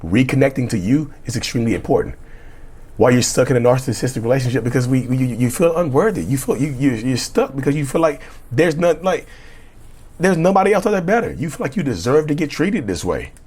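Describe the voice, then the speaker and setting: A man's voice: medium pitch, lively intonation, fast, a little mellow, breathy edge. A middle-aged man speaking as a relationship coach, giving emphatic, repetitive, blunt motivational talk with cussing.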